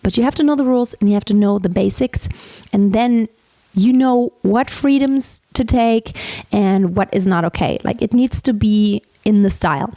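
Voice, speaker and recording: A woman's voice: mid-range voice, moderate pace, mellow, no echo. A woman teaching singing, explaining technique and breaking into sung examples with a light, flowing delivery. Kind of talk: vocal lesson with sung demonstrations.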